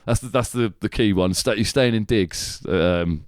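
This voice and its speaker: A man's voice: on the low side, normal speed, no room sound, clean studio sound. A man hosting a podcast, chatting casually in a rambling way, swearing and laughing often. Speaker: podcast host. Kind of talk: casual comedic chat.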